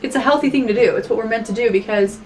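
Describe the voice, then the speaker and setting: A woman's voice: a little high, quick pace. A woman speaking earnestly in a casual podcast conversation, often filling her speech with "like" and "you know".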